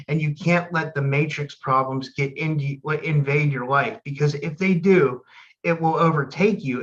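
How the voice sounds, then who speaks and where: Podcast host dude, higher voice, rambly, kinda muffled sound. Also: male voice, fairly bright tone. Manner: rambling, many restarts and fillers. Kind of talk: casual conversation.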